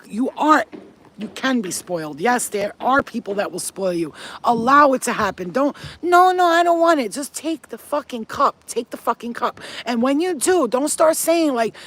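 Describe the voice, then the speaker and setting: A woman giving a casual spiritual pep talk to her viewers as a reader, blunt, profane and animated. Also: a little high.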